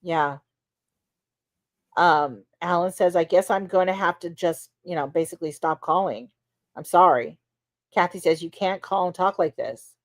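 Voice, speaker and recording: A woman's voice: fairly low pitch, normal speed, dry recording. A woman hosting a podcast, casually recounting courtroom testimony in a conversational way, with lots of "you know" and "like.". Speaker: podcast host. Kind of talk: casual recap of trial testimony.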